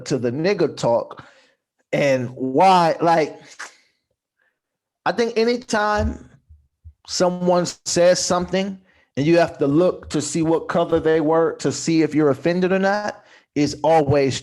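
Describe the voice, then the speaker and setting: A man from Texas co-hosting a comedy podcast, musing thoughtfully with halting restarts. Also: a little high. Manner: thoughtful, hesitant restarts, breaks into quoted voices. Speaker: podcast co-host. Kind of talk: casual comedic chat.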